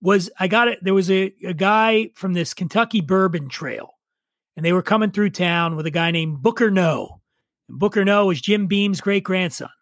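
A middle-aged man with a high voice talks in a loose, profane, opinionated way, spinning stories in casual conversation. The sound is dry and close. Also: normal speed, no echo. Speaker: podcast guest. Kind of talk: casual chat.

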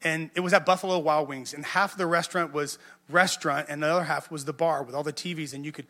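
A man's voice: on the high side, fairly even intonation, fast, pushed and bright. A man, a pastor, telling a personal story in a conversational sermon, self-mocking and repeating words as he builds up. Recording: music under a long hall echo.

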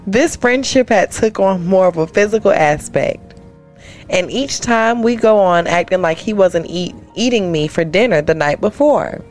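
A woman's voice: mid-range voice, expressive, normal speed, darkish tone, faint music behind. A woman guest co-host on a comedy podcast, reading a listener's letter aloud and breaking into playful asides and laughter.

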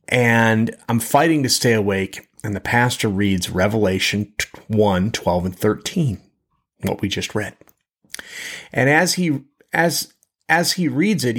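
Male Bible teacher, lower register, informal sermon delivery. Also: fairly bright tone. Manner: conversational, frequent "okay?" check-ins and self-restarts. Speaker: preacher. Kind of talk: podcast teaching.

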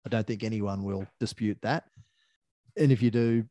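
A man's voice: lowish voice, steady tone, normal speed, dark tone, no echo, studio quality. A man, co-hosting a podcast, talking things through in a thoughtful, opinionated way. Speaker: podcast co-host. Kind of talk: casual chat.

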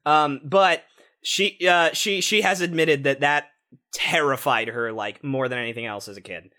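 A man's voice: a little high, moderate pace, sharp tone. A young man co-hosting a podcast, talking animatedly in casual chat, swearing often and restarting his sentences. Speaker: podcast co-host.

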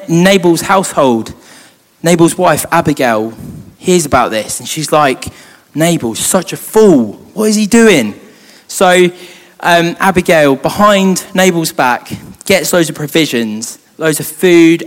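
Chatty young youth leader telling a story. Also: male voice, fairly high pitch. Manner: chatty, joking asides, many fillers. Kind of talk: casual Bible storytelling talk. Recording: long hall reverb.

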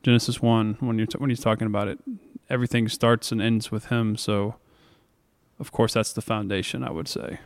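A man's voice: lowish voice, level tone, fairly quick, no echo, studio quality. A man co-hosting a podcast, talking through a book chapter on faith in an earnest, thinking-aloud way with fillers. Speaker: podcast co-host. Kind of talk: casual faith discussion.

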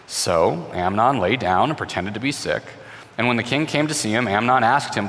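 A man's voice: fairly low pitch, fairly quick. A man retelling a Bible story with expression, speaking straight to his listeners and restarting words as he goes. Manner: expressive, voices the characters, repeats words when restarting. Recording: long hall reverb.

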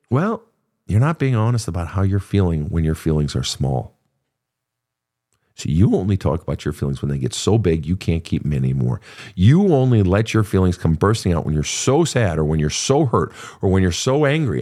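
Animated, profane older male advice host. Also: fairly low pitch. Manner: animated, profane, storytelling with acted quotes. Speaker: podcast host and therapist. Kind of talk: casual advice talk.

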